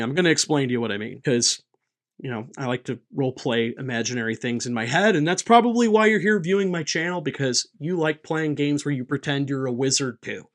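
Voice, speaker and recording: Animated, playful man hosting a vlog. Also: fairly high pitch, brisk. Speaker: channel host and game designer. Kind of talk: comedic casual vlog.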